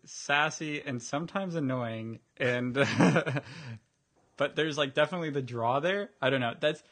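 A man's voice: medium pitch, unhurried, fairly bright tone. A man co-hosting a casual podcast, speaking hesitantly and often restarting his sentences. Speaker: podcast co-host. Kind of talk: casual chat.

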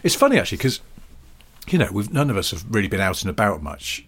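A man's voice: on the low side, big pitch swings, fast talker, fairly bright tone, husky. A man co-hosting a podcast, chatting casually in a wry, rambling, drily jokey way. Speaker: podcast co-host. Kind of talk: casual chat.

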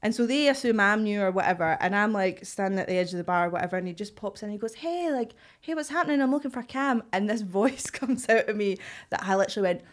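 A woman's voice: mid-range voice, fast talker, hardly any pauses. A woman from Glasgow with a Glaswegian Scottish accent, a podcast guest chatting casually and acting out the people in her stories. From Glasgow, Scotland. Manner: animated storytelling, acts out quoted voices. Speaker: podcast guest, actor and writer. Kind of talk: casual chat.

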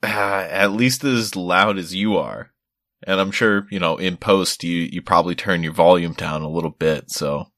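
A man's voice: sits low, moderate pace, a bit bright, no room sound, clean studio sound. A man co-hosting a casual podcast chat over a remote call, joking and rambling. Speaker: podcast co-host. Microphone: remote call recording.

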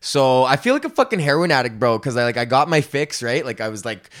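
A man's voice: mid-range voice, lively intonation, fast, a bit bright. A young man hosting his own podcast from a home studio, a stand-up comedian ranting casually with lots of swearing, slang and laughter. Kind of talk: casual rambling rant.

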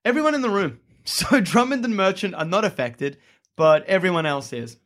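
A man's voice: high-pitched, lively intonation, moderate pace, fairly bright tone. A man narrating as game master, often laughing mid-sentence.

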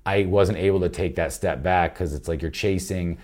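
Candid rambling comedian, low-voiced man. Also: normal speed. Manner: candid, rambling, swears freely, animated quoting. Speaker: comedian guest. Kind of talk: casual podcast chat.

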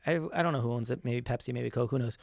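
A man chatting as a guest, telling his own stories at a quick, animated, self-promoting pace. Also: mid-range voice, gravelly, no room sound, studio quality. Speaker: foodie magician guest. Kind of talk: casual chat.

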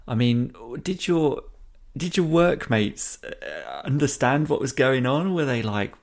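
A man's voice: mid-range voice, big pitch swings, a little slow, gravelly. A man hosting an interview, asking long rambling questions full of restarts. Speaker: interviewer host.

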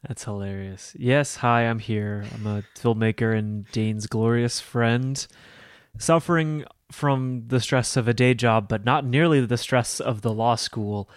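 A man co-hosting a casual podcast with a playful, giggly manner. His pitch sits in the middle. The recording is dry and close, with no room sound. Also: clean tone, no room sound. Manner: playful, quick to laugh. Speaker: podcast co-host. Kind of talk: casual chat.

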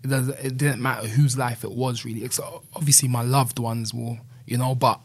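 A man's voice: mid-range voice, level tone, normal speed, slightly rough. A man speaking earnestly and candidly as an interview guest, often adding "you know". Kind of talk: reflective conversational interview.

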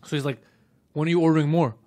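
A man co-hosting a podcast, telling a story in casual chat, often imitating people loudly and laughing. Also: very fast. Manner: animated, mimics others with loud high voice, laughs often. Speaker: podcast co-host.

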